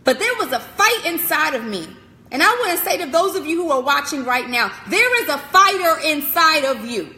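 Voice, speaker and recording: A woman's voice: high-pitched, very animated, normal speed, sharp tone, long reverb tail. A woman speaker giving a live-streamed inspirational message, preaching emphatically with repetition and direct address to the listener. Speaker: motivational speaker.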